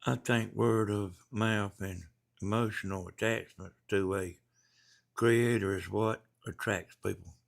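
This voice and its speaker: A man's voice: fairly low pitch, fairly even intonation, measured pace, creaky. A man from Georgia with a Southern accent, chatting casually on a livestream and reading out viewer comments in a folksy, rambling way. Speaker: livestream host.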